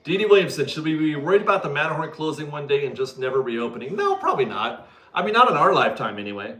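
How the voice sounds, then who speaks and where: A man's voice: fairly high pitch, very animated, fast talker, fairly bright tone, echoey room. A man hosting a casual livestream, chatting, laughing often and correcting himself as he answers viewers. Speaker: livestream host reading viewer donations.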